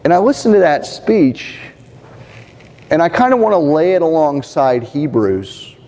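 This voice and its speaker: A man preaching a sermon as pastor, in a measured delivery that builds to an impassioned, rousing pitch. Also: expressive, warm tone, big-room sound.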